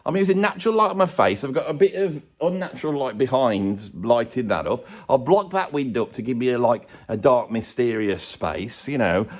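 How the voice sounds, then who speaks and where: A man's voice: mid-range voice, animated, moderate pace, hardly any pauses. A man ranting sarcastically in a rambling vlog, filmed in a room with bare brick walls. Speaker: YouTuber and drummer.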